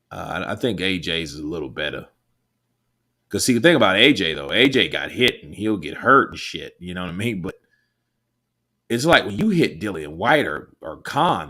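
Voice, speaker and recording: Deep-voiced man chatting on a livestream. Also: sharp tone. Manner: loose, rambling, swears, laughs often. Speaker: livestream host reading chat. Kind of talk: casual live chat commentary.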